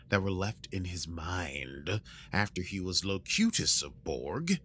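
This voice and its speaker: A man's voice: sits low, sing-song, slow, a bit bright, soft background music. A man hosting a podcast, casually recapping an episode and breaking into sung lines and silly voices. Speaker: podcast host.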